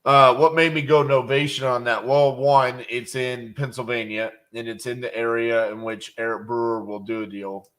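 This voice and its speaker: A man hosting a casual live stream, chatting and leaving upbeat voicemails to sellers. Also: medium pitch. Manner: relaxed and chatty, quick laughs, upbeat on calls. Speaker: real estate wholesaler and channel host.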